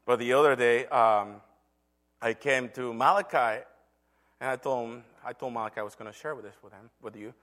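A man's voice: mid-range voice, moderate pace, fairly bright tone. A middle-aged man, a church elder, giving an earnest sermon testimony told as a story. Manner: earnest, storytelling with acted quotes.

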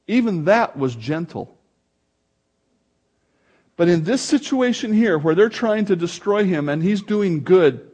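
A man's voice: high voice, slow, pauses often. A man preaching a sermon, emphatic and dramatic, reading scripture aloud. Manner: animated, emphatic preaching with dramatic swings in loudness. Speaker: pastor.

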